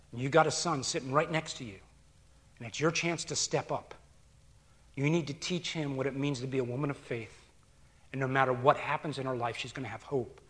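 Middle-aged guy pastor giving a sermon, earnest, goes quiet then loud, ordinary mid voice. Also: mid-range voice. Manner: earnest, shifts between hushed near-whispers and loud emphatic bursts.

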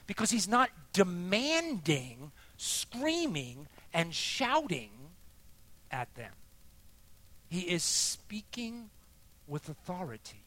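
A man preaching a sermon, expressive and emphatic, dropping soft and then rising for emphasis. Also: high-pitched, no room sound.

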